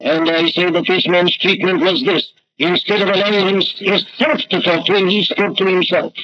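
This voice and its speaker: A man's voice: sits high, normal speed. A man preaching a sermon in an emphatic, rhetorical way, his voice swelling and dropping. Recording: dull lo-fi archival recording with faint noise.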